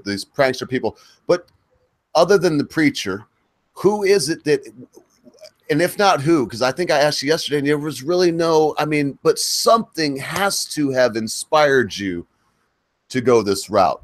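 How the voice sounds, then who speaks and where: A man's voice: medium pitch, dry recording. A middle-aged man hosting a chat show, asking meandering questions and drifting into rants. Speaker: host. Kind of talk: casual chat.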